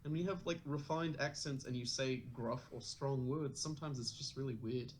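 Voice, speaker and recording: A man's voice: medium pitch, brisk. A man chatting playfully before a tabletop game session, laughing often as he riffs on accents with friends in an online call. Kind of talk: casual pre-game chat. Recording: clear background noise.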